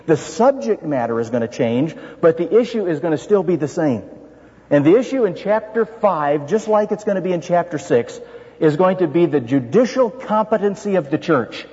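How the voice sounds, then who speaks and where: A man's voice: fairly high pitch, animated, moderate pace, a little mellow, husky. A man preaching an expository sermon as pastor, earnest and full of rhetorical questions. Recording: dull reverberant hall sound.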